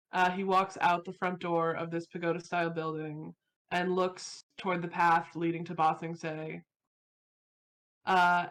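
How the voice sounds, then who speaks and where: A woman playing a tabletop game, calmly reading out a written epilogue for her character. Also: fairly low pitch. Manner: calm, descriptive storytelling. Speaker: player.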